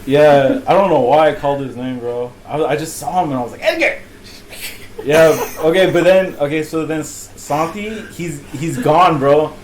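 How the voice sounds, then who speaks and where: A man's voice: fairly high pitch, steady tone, moderate pace, hardly any pauses, slight background noise, rough recording. A young man hosting a podcast, telling a rambling, profane story full of laughter and "bro.". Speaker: podcast host. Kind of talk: casual storytelling chat.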